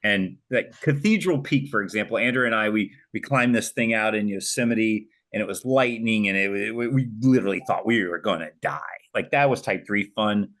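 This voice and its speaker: A man co-hosting a podcast, telling stories in a lively, casual way and swearing freely. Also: on the low side, fairly quick, few pauses. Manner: animated storyteller, swears casually. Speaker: podcast co-host. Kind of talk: casual chat.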